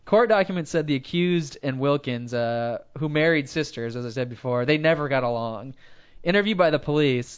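A man's voice: fairly high pitch, lo-fi sound. A man co-hosting a podcast, casually reading out a news article and breaking off for joking asides. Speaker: podcast co-host. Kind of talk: casual chat, retelling a news story.

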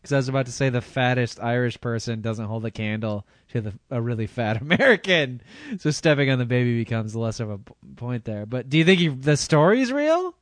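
A man's voice: mid-range voice, expressive, fairly quick, no room sound. A man co-hosting a podcast, sarcastic and teasing in casual comedic chat. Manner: sarcastic, teasing, laughs often. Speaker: podcast co-host.

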